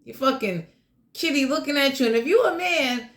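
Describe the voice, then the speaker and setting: A woman's voice: sits high, animated, moderate pace, fairly bright tone, reverberant. A woman giving a casual general tarot reading in a blunt, crude, joking way, swearing freely. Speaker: tarot reader.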